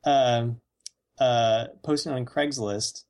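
A man co-hosting a casual comedic chat, cracking deadpan jokes and acting out mock quotes. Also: mid-range voice, takes it slowly.

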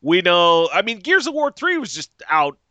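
A man rants profanely on a podcast in a bright, forceful voice with a smooth, crisp tone. The recording is dry and close, with no room sound. He is sarcastic and keeps going off on tangents. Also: high voice, very animated, normal speed, no room sound, dull audio. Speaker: podcast host. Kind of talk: casual ranting chat.

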